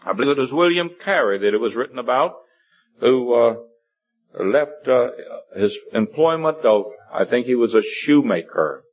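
A man's voice: expressive, moderate pace, slightly rough. A man preaching a sermon in an earnest, rambling way, his voice climbing for emphasis and stopping often for fillers. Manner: earnest, rises in pitch for emphasis, many fillers. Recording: dull lo-fi recording.

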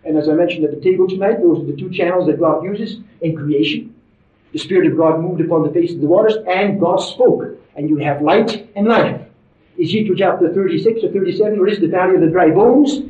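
A man's voice: high voice, brisk. A man preaching a sermon in an emphatic, conversational way, with frequent asides to his listeners. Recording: roomy, distant, dull lo-fi sermon recording.

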